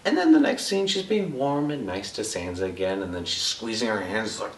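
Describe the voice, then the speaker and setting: A man's voice: medium pitch, big pitch swings, a little fast, hardly any pauses, recorded from a distance. A man giving a casual, jokey TV episode review with crude asides, loose and chatty. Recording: echoey room, voice a bit off-mic.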